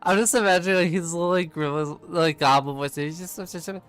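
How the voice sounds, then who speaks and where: Smooth-voiced man rambling over a game. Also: a little high, steady tone, quick pace, a bit bright, soft background music. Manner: rambling, laughing, many fillers. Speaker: game streamer. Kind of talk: casual gaming chat.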